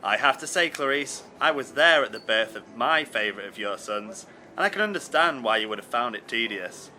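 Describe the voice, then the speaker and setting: A man's voice: mid-range voice, expressive, brisk, pushed and bright, a little hiss or hum. A man from England presenting scripted sketch comedy in a mock-earnest commentator manner. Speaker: radio presenter.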